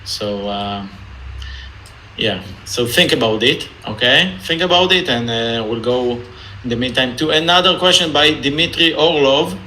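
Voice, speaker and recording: A man's voice: medium pitch, measured pace, pushed and bright, slight background noise, low-quality recording. A man with an Israeli accent, hosting an online Q&A in a joking, hesitant way and reading out audience questions. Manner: jokey, hesitant, reads out questions. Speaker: meetup Q&A moderator. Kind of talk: casual online Q&A. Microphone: video call.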